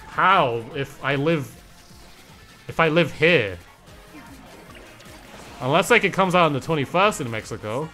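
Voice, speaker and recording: Lively young man streaming a game. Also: on the high side, a little slow, pauses often, faint music behind. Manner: laughs often, reads and answers chat. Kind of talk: casual live-stream gameplay chat.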